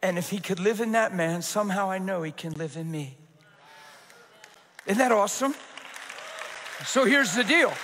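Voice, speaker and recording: A male pastor delivers a storytelling sermon, acting out each person's lines with animated energy and frequent laughter. His voice sits high and bright. A long reverb trails every phrase, as in a big church sanctuary. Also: slight background noise. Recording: reverberant hall.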